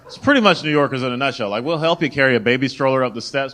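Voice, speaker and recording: A man's voice: mid-range voice, rapid-fire, background noise. A young man from the American South performing a stand-up comedy set in a club, telling stories and acting out the voices of people he meets. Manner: animated storytelling, acts out voices of people in his stories. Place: comedy club stage with laughing audience.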